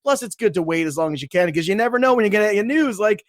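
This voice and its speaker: A man co-hosting a sports podcast with energetic, playful hype-man delivery. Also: sits high, racing, no room sound, clean studio sound. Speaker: podcast co-host. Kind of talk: hyped podcast chat.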